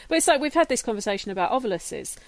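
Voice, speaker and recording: A British woman hosting a casual podcast interview, chatty and quick to chime in with short agreements. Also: on the high side, sing-song, no echo. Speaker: podcast host.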